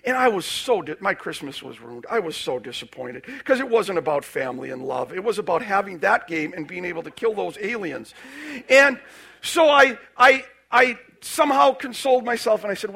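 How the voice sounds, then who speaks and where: A male pastor tells a story from the pulpit in a high, very lively voice. His tone is bright and husky, with gravelly fry, and he acts out quotes with many restarts. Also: normal speed. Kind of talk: sermon storytelling.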